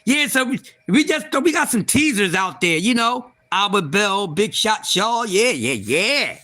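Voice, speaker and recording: A man hosting a casual livestream, excitable and profane, talking straight to his viewers and often repeating and restarting. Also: sits high, measured pace. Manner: excitable, profane, talks to chat. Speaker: livestream host.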